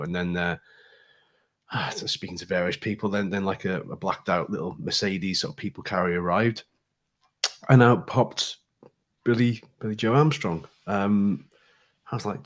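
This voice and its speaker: A man with a lowish voice tells a story on a casual podcast. He is animated and acts out what people said. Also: a little fast. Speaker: podcast co-host.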